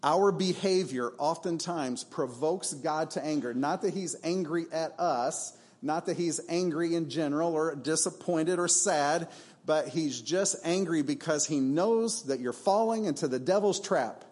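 A man's voice: on the high side, unhurried, a little mellow. A male pastor preaching a sermon in a church, emphatic and conversational, with rhetorical questions.

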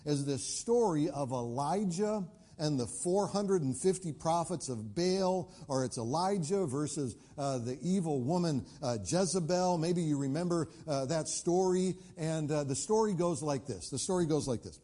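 A man's voice: on the high side, expressive, moderate pace, dark tone. A man preaching a sermon, retelling a Bible story with many fillers and acted-out dialogue. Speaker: pastor.

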